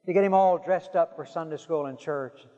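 Preacher in a reverberant hall. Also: male voice, fairly high pitch. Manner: storytelling with dramatic pauses, drops to a hush for emphasis. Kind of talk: sermon. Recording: dull sound with long hall reverb.

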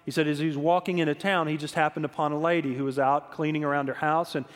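A man with a fairly high voice delivers a sermon from the pulpit, pressing each point with emphasis and circling back on his words as he tells stories. His voice rings out with a long reverb, as in a large church sanctuary. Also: little pitch movement, fast talker. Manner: emphatic storytelling with repeated words. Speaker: preacher.

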